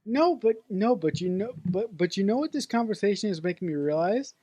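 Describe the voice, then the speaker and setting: Woman, podcast co-host, hesitant restarts, laughs often, mid pitch, dry. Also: expressive, a little fast, dark tone, dry recording. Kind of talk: casual movie review chat.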